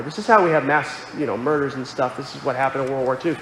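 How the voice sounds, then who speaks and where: A man's voice: medium pitch, fast, fairly bright tone, slight background noise. A man preaching a sermon, earnest and explanatory, quoting scripture aloud. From Connecticut. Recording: echoey hall with faint ambience.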